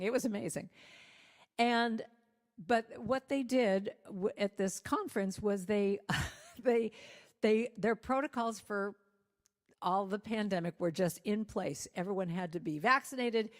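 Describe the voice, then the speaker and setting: A woman singer-songwriter, a guest speaker, telling a self-deprecating personal story to a congregation with lively humor. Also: medium pitch. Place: church sanctuary. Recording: long reverb of a church hall.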